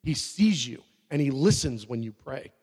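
Animated male preacher in a reverberant hall. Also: mid-range voice, moderate pace, breathy edge. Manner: animated storytelling, shouting at peaks. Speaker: pastor. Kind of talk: sermon.

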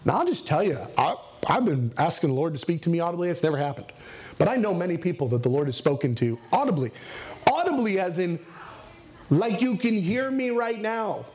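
A man's voice: sits high, sing-song, a little fast, a little mellow. A man preaching a casual, earnest sermon, talking with plenty of fillers. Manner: conversational and earnest, with many fillers. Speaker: pastor.

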